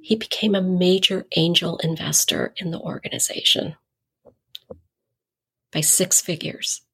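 A middle-aged woman with a gravelly, husky voice that sits on the lower side. She tells her stories conversationally as an interview guest and slips into lively acted-out dialogue. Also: a little slow. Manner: animated, acts out dialogue in her anecdotes. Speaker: nonprofit founder, interview guest. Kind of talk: conversational storytelling.

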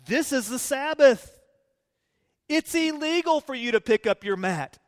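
A man's voice: very high-pitched, expressive, slow pace, fairly bright tone, voice pushed up, exaggerated voice. A man voicing outraged religious officials who scold a healed man, with a long hall echo. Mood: indignant.

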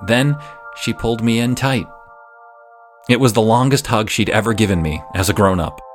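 A young adult man telling a personal story in a reflective, measured first-person way. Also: fairly low pitch.

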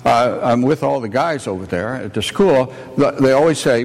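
A man with a medium-pitched, animated voice speaks at a moderate pace. He's a preacher and missionary telling stories in a plainspoken, folksy sermon to his congregation in a church sanctuary, with warm asides to them. The recording has long church reverb and faint noise.

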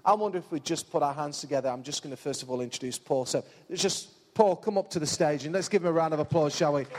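A man with an English accent making church announcements, halting with many fillers. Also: fairly high pitch, a little hiss or hum. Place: church hall. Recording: reverberant church hall.

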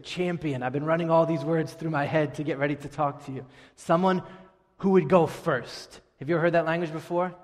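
A middle-aged man from Staten Island, New York preaching a sermon to his church, emphatic and dropping to a hush on key words. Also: a little high, big-room sound. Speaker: pastor.

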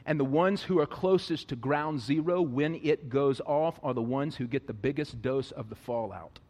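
A man preaching a sermon, animated, jumping from loud, high-pitched bursts to low, quiet asides. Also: moderate pace. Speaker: pastor. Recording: long reverb of a large hall.

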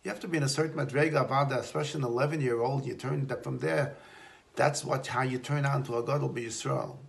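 Gravelly rabbi telling a story. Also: male voice, medium pitch, fairly even intonation. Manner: storytelling, slows for emphasis. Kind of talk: Torah talk on prayer.

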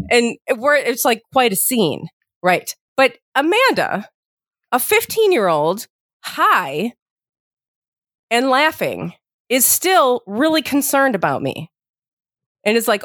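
A woman's voice: a little high, measured pace, no echo, clean studio sound. A woman hosting a podcast, telling a long story casually with lots of filler words. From lived abroad as a teen, international school. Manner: rambling, many "like" fillers, animated retelling. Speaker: podcast host.

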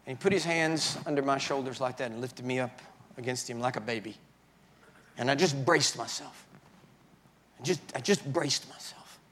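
A man preaching in a sermon, telling his own story with halting restarts and swings between hushed and loud moments. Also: mid-range voice, a little hiss or hum. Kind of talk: sermon testimony.

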